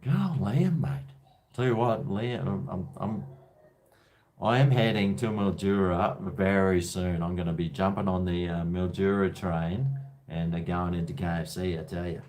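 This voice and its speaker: A man's voice: deep voice, moderate pace, a little mellow, a little hiss or hum. An Australian man from Brisbane hosting a casual call-in show, with jokey, blokey banter. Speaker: host of a call-in livestream.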